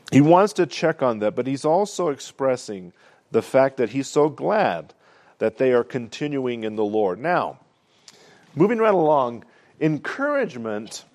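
A man's voice: mid-range voice, a little mellow. A man preaching a conversational sermon, telling stories and asking "amen?" along the way. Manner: conversational storytelling, frequent "amen?" asides. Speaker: pastor.

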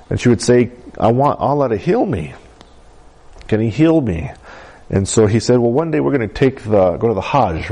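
A man's voice: lowish voice, warm tone. A middle-aged man teaching a Bible class, telling a story in a conversational way with asides and fillers.

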